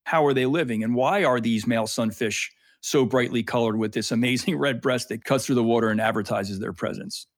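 A man's voice: medium pitch, fairly quick, few pauses, no echo. A man who guides freshwater snorkeling trips, explaining fish and streams in an enthusiastic interview voice with plenty of fillers. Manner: animated, explains with lots of fillers.

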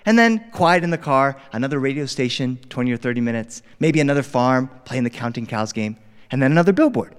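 A middle-aged man telling a family story to a live audience, playful and animated, swinging between hushed and excited. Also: mid-range voice, brisk, smooth. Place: studio stage with live audience. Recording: reverberant hall, live audience.

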